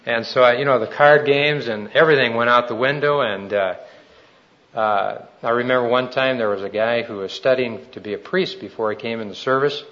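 A man's voice: medium pitch, a little fast, a bit bright, muffled recording. Earnest, folksy man preaching a testimony. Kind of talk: sermon with personal testimony.

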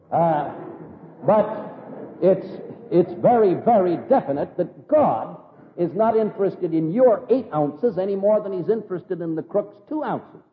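A man preacher giving a sermon, telling it with animated, illustrative examples. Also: sits high, normal speed. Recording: echoey hall over tinny phone-like line.

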